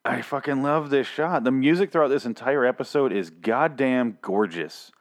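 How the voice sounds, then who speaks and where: A man's voice: mid-range voice, moderate pace. A man rambling through a casual solo recap of a TV episode, profane, joking and self-mocking.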